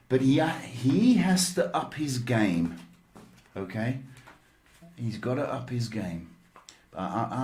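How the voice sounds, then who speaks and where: A man's voice: mid-range voice, a little mellow, slight background noise. A man hosting a live psychic tarot stream, chatty and teasing, calling listeners babe as he gives readings. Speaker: psychic tarot reader and host. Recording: echoey room.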